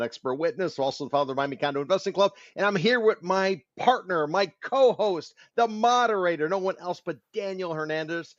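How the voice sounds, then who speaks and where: A man's voice: on the high side, no room sound, muffled recording. Upbeat man co-hosting a podcast. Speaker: podcast co-host. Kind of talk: casual chat. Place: studio.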